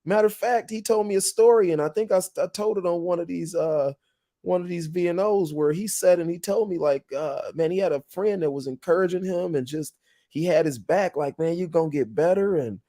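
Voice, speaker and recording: A man's voice: high voice, fairly quick, dark tone. Earnest motivational man hosting a podcast. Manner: storytelling with emphatic repetition. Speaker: podcast host. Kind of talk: casual podcast monologue.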